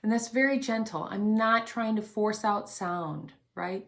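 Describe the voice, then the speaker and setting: A woman vocal coach teaching an online singing lesson, explaining calmly and demonstrating quiet breaths. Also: medium pitch, measured pace, gravelly. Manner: gently instructive, demonstrates breaths.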